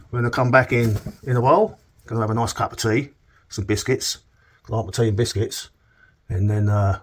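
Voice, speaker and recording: There's a slight hiss or hum behind this middle-aged man's lowish voice. He's a plasterer showing cornice work in an indoor room on a work site, keeping the demonstration chatty and joking and checking in with "okay?" as he goes.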